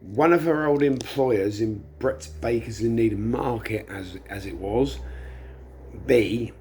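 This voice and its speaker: A man's voice: medium pitch, takes it slowly, dark tone, breathy edge. A middle-aged man, tipsy, rambling chattily and self-deprecatingly in a casual monologue. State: tipsy from drinking. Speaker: vlogger.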